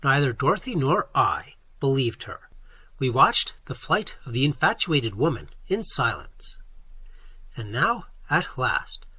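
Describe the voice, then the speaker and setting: A man reads an old adventure tale aloud with a lively, swooping delivery. His voice is bright and slightly husky, recorded close and dry. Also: fairly high pitch, no echo. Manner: expressive, lively storytelling. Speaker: audiobook narrator. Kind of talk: scripted audiobook narration.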